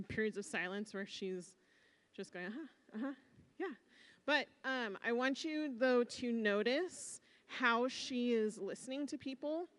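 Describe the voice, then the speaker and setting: Chill woman talking to her trainees, lots of ums, voice a bit high. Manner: relaxed, loose, with many fillers. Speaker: camp trainer. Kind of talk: casual training talk.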